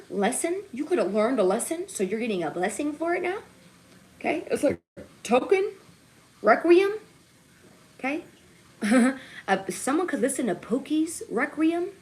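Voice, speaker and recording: A woman's voice: a little high, slight background noise. A young woman giving a casual tarot reading to her viewers. She jokes, swears, laughs at herself and keeps checking in with "okay?" and "right?". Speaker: tarot reader.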